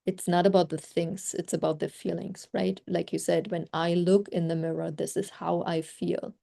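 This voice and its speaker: A woman with a lowish, mellow voice, talking through a video call. She coaches a group in a chatty, reflective way, full of "like" fillers. Her first language is German. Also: flat delivery, moderate pace, creaky. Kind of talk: casual group call talk.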